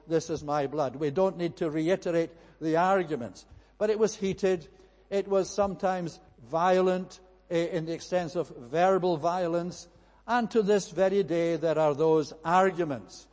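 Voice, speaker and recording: A man delivering a sermon as a minister, earnest and emphatic, often pausing with "eh" between phrases. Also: high-pitched, a little mellow. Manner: earnest, emphatic preaching with frequent "eh" fillers. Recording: long reverb of a large hall.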